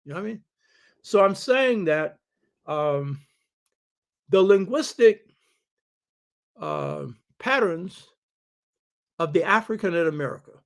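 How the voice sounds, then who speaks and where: A man with a notably high voice gives a spirited lecture as host of his own show. He talks in a preacherly, emphatic way, pressing listeners with quick rhetorical questions and hammering home key phrases by repetition. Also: gravelly. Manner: repeats key phrases for stress. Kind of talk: lecture on history and culture.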